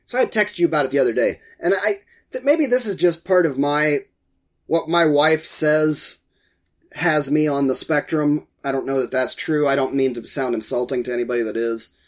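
Man, middle-aged, stuffed-up head cold, high voice, rambling casual chat, exasperated. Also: expressive, normal speed. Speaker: podcast co-host.

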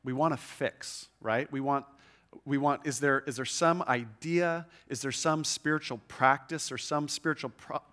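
A man preaching to a congregation in an earnest, conversational way. He talks at an ordinary pitch, often restarts his phrases and checks in with "right?". When he reads scripture aloud he slows down and grows soft. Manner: reads scripture slowly and softly. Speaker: pastor. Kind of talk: sermon. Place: church room with a congregation.

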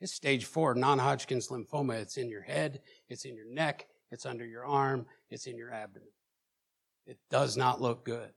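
A man preaching in a church, telling his own story with emotion, at times loud and at times hushed, often repeating words as he presses on. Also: mid-range voice, fairly even intonation, normal speed, gravelly, breathy edge. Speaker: preacher sharing a personal testimony. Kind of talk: sermon testimony.

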